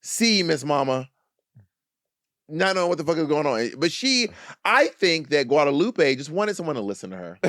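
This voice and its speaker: A man's voice: fairly high pitch, no room sound, clean studio sound. A man co-hosting a podcast, telling stories in casual banter and acting out quotes. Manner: fast, animated storytelling with acted-out quotes. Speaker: podcast co-host.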